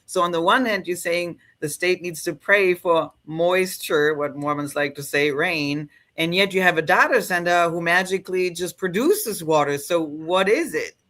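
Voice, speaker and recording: A man's voice: high voice, normal speed, hardly any pauses, pushed and bright. A man from Texas on a podcast panel, chatting casually in a sardonic way.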